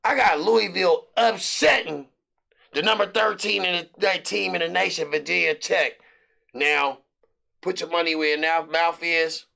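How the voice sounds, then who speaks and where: Middle-aged American man, betting-show host: raspy, forceful tone, loose rambling hype delivery. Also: high voice, moderate pace. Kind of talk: casual sports picks monologue.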